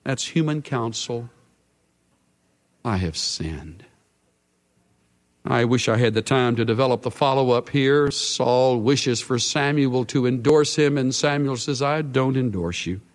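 A male pastor preaching a sermon in an earnest way, his voice swelling and then dropping to a hush. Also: medium pitch, moderate pace, few pauses. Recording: long hall reverb.

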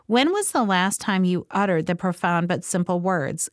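A woman hosting a devotional podcast, reading a script in a calm, measured way. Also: lowish voice, no echo, studio quality. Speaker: host.

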